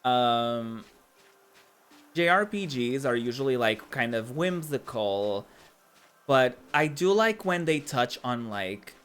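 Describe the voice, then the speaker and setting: A man's voice: medium pitch, lively intonation, slow pace, fairly bright tone, clear, resonant tone. A man chatting casually while streaming a game, filled with "like" and laughs. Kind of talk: casual gameplay commentary.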